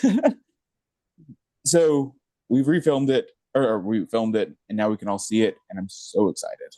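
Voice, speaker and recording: A young man co-hosting a podcast, chatting excitedly with lots of filler words. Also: lowish voice, unhurried, no room sound. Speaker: podcast co-host. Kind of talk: casual chat.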